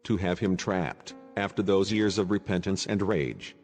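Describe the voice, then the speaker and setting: A man narrating a literary audiobook in a measured, ironic manner. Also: sits low, darkish tone, in a large hall, faint music behind.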